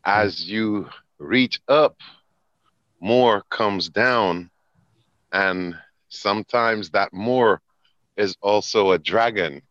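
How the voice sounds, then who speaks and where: A man reading spiritual cards who rambles in a chanting stream of wordplay, with sudden laughs and jumps in pitch. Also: drawn-out words, long pauses, a bit bright, highs cut off. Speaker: spiritual reader. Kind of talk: freewheeling mystical rambling.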